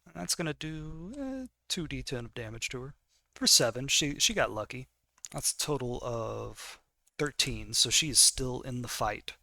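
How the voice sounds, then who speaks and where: A man's voice: medium pitch, animated, moderate pace, creaky, sharp tone, no room sound. A man narrating a tabletop game as game master, casual and full of fillers. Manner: casual, many fillers while reading rules.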